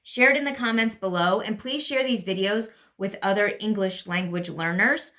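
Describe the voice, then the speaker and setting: A woman's voice: medium pitch, moderate pace, bright, forceful tone. A woman with a Great Lakes American accent, giving a casual spoken English lesson and thinking aloud with frequent ums and restarts. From United States. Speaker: English teacher. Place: at home, seated in a chair.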